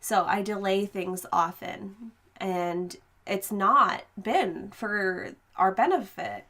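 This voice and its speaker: A woman co-hosting a podcast, chatting in a rambling, relaxed way and often saying "like". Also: medium pitch, takes it slowly. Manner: rambling, relaxed, frequent "like" and quoted self-talk. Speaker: podcast co-host. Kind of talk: casual chat.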